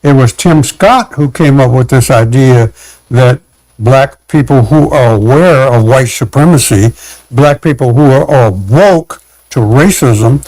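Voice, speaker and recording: A man talking as a guest in casual chat, animated, acting out quotes and laughing, with many restarts. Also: mid-range voice, unhurried, no room sound, low-quality recording.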